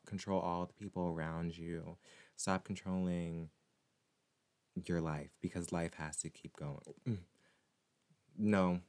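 A man vlogging to his viewers in a casual monologue, animated and teasing, rambling with many restarts. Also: deep voice.

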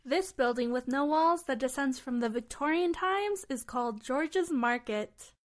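A woman's voice: sits high, animated, unhurried. A woman co-host in a comedy sketch, playing a cheerfully clueless tour guide. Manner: playfully clueless.

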